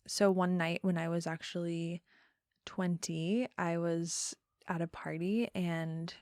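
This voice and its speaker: A young woman in her twenties telling a personal story in a casual interview, soft-spoken with many pauses and ums. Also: on the low side, steady tone, smooth, no room sound, studio quality. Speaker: podcast guest.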